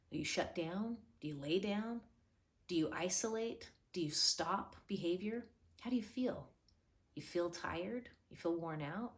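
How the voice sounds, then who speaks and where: A woman's voice: lowish voice, unhurried. A woman hosting a motivational talk, earnest and coaching, firing off rhetorical questions at the listener. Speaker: motivational host.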